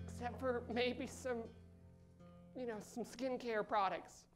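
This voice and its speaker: An improv performer, a woman with a fairly high voice, plays a lovestruck man reading his rambling love letter aloud on a live comedy stage. She speaks slowly and earnestly, breaking into laughter, while live music plays underneath.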